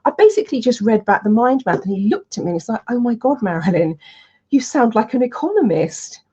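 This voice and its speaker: A woman, a public speaking coach, telling anecdotes in a casual, animated way and acting out her own lines. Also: fairly high pitch, a little fast, slightly rough. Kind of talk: casual storytelling to camera. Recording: dull lo-fi sound.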